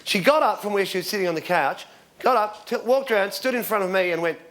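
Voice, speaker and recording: An Australian man in his forties doing stand-up comedy, telling rambling deadpan stories with sudden shouted punchlines. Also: high voice, fast. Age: 40s. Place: theatre stage with live audience. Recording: live show with loud crowd laughter.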